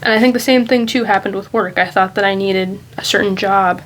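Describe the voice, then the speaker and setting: A woman vlogging in a loose, rambling way, thinking aloud and speaking candidly at an ordinary, middle pitch. A faint hiss of background noise sits beneath her voice. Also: steady tone, fairly quick, a bit bright, poor audio. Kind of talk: casual reflective monologue.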